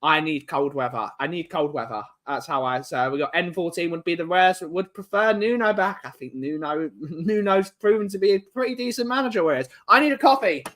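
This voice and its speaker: A man's voice: a little high, brisk, few pauses, a bit bright. A man hosting a casual live-stream chat from home, greeting viewers in the chat one by one. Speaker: livestream host.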